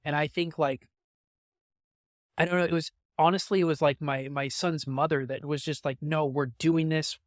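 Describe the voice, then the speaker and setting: A man in his twenties, a podcast guest, telling a candid personal story in a halting, emotional way with lots of fillers and restarts. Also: fairly high pitch, flat delivery, no echo, clean studio sound. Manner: emotional, openly moved.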